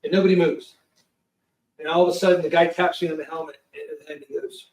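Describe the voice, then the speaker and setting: Man, high voice, animated storyteller, acts out quotes, swears freely, distant mic, echoey room. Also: fairly quick. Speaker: guest, film producer. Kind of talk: casual storytelling. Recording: roomy sound from a distant mic.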